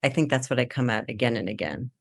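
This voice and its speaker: Middle-aged woman author guest; low, dry voice; animated, laughing anecdotes. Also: fast talker, gravelly, dry recording. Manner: animated storyteller, laughing often. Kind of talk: casual conversation.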